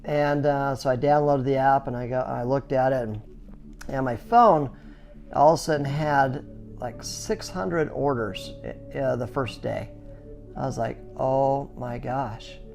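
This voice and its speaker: A middle-aged man who owns a skateboard business, telling his story casually with lots of fillers and restarts, and animated sound effects. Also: medium pitch, a little slow, vocal fry, soft background music. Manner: chatty, full of "you know" fillers and restarts; animated, acts out sounds and reactions.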